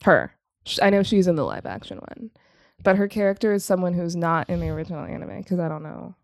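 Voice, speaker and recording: Casting: woman in her 30s, low-pitched, excitable chatty co-host, dry close sound. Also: quick pace, dry recording. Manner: chatty, laughs often, excitable. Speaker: podcast co-host. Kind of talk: casual chat.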